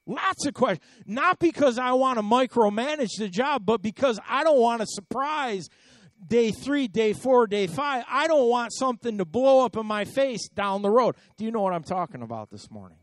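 High-pitched guy preaching, chatty story mode, repeats himself, gets loud and emphatic, dry close sound. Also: animated, moderate pace, dry recording. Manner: conversational storytelling with repeated words and emphatic swells. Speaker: pastor. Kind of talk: sermon.

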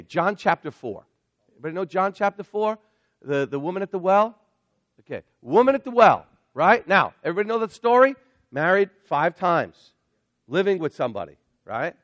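A male pastor preaching a sermon in an animated way, swinging between loud emphatic lines and hushed asides. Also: on the high side, no room sound.

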